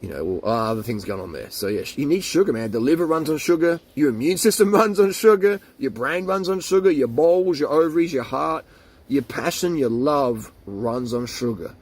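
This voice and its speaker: A man's voice: on the high side, lively intonation, brisk, husky. A man in his forties ranting to camera in a casual, mocking and jokey way, slipping into silly voices for made-up quotes. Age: 40s. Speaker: vlogger.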